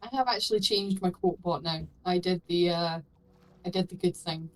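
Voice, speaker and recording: A woman's voice: fairly low pitch, moderate pace, low-quality recording. Chatty woman co-streaming. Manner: chatty, storytelling, swears casually. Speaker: co-streamer guest. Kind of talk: casual chat while gaming.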